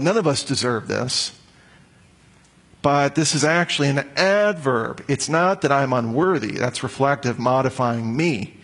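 A pastor preaches a sermon to his congregation, walking through a passage in detail and acting out the voices he quotes with animated energy. His voice is medium-pitched and slightly rough.

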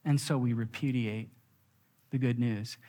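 A young adult man preaching a sermon, telling stories with lively acted quotes. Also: medium pitch, measured pace. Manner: animated storytelling with acted quotes. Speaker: pastor. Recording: reverberant hall.

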